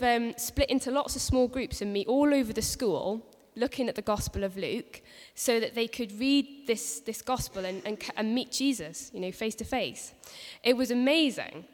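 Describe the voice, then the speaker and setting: A woman preaches with earnest conviction, telling stories and restarting her phrases as she goes. Her voice sits a bit high for a woman. It carries a long reverb through a church hall. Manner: earnest, storytelling, many restarts. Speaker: speaker at a women's church gathering. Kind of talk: personal-story sermon.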